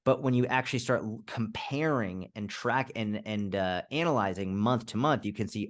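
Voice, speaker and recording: A man being interviewed as a fitness coach, speaking casually and candidly, swearing now and then and acting out little scenarios. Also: on the low side. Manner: candid, swears, quick restarts, acts out scenarios. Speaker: fitness coach, podcast guest.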